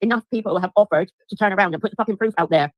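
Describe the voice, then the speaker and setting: A woman's voice: mid-range voice, racing, dry recording. Middle-aged woman, livestream ranter, foul-mouthed and repetitive, dry close sound. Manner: swears heavily, repeats herself, addresses chat viewers. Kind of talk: angry livestream rant to viewers.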